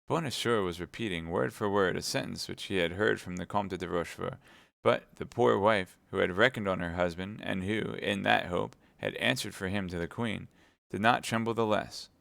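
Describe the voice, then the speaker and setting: A man reads a classic novel aloud on a live stream, narrating plainly in a low, gravelly voice. He stumbles now and then and corrects himself. The sound is dry and close, with no room echo. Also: a bit bright. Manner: plain reading with small slips and self-corrections.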